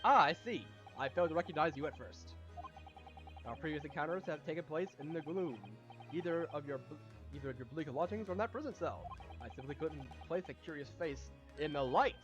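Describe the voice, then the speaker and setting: A man's voice: on the high side, lively intonation, brisk, dull audio, music in the background, close to an everyday voice. A man reading as a breezy, grandiose Victorian detective. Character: flamboyant brash male Victorian detective.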